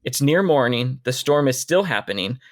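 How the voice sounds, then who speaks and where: A man co-hosting a casual book podcast, relaxed and thoughtful as he walks through the plot. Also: mid-range voice, moderate pace, no echo, studio quality. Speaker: podcast co-host.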